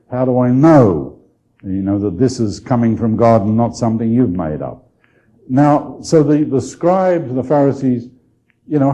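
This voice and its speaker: A man with a very dark, mellow voice teaches scripture as a bishop in a relaxed lecture. He takes his time, restarts his phrases and turns to his listeners with quick questions. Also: mid-range voice, low-quality recording. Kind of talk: conversational Bible study lecture.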